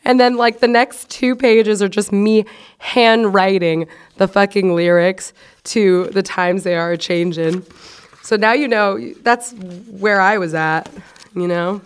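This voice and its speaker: A woman's voice: mid-range voice, fairly even intonation, measured pace, clean tone. A young woman casually reading entries from her old teenage journal, joking and swearing at herself. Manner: self-mocking, laughing, swearing. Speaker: vlogger.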